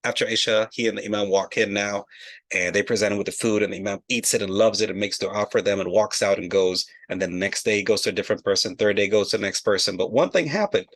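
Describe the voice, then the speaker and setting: A man telling a comic story with animated, brisk delivery. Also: lowish voice. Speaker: comedic storyteller.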